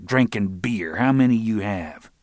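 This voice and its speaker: A man's voice: lowish voice, expressive, measured pace, darkish tone, dry recording, studio quality, pitched above the performer's own voice. A man playing a crude, menacing middle-aged man in an audiobook, blunt and slangy. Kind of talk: audiobook narration.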